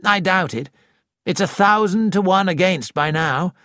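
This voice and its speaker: A reader voicing a lively, restless young woman with a bright, breathless, gushing manner, in an audiobook. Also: medium pitch, a little slow, no room sound, clean studio sound, pitched above the performer's own voice. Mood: chatty. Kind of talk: audiobook character voice.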